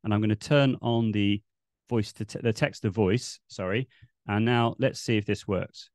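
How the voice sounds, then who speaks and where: A man presenting a live online teaching webinar, relaxed and explanatory as he demonstrates on screen, speaking into a desk mic on a video call. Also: on the low side, normal speed, no room sound, clean studio sound.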